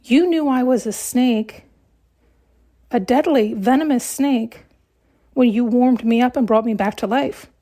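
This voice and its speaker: A woman voicing a cold, unrepentant venomous snake in a spoken parable, speaking bluntly and matter-of-factly in a slightly high voice. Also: unhurried, mellow.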